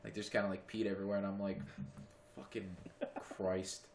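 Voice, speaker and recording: This co-host has a lowish voice with a totally flat delivery and talks very fast. He's recorded in a friend's home with reverb and slight background noise, rambling through casual podcast chat, leaning heavily on "like" and swearing freely.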